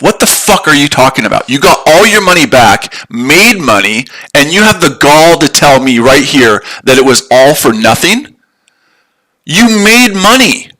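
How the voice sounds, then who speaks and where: A man's voice: on the high side, sharp tone, poor audio. Angry, profane man ranting on a live stream. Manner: profane, repetitive, heated. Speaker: livestream trading host.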